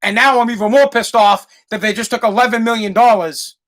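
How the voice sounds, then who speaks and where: A man's voice: extremely high pitch, fairly even intonation, fairly quick, fairly bright tone. A man in his thirties hosting a podcast, ranting in a worked-up, profane, repetitive way with many restarts. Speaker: podcast host. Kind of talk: comedic ranting monologue.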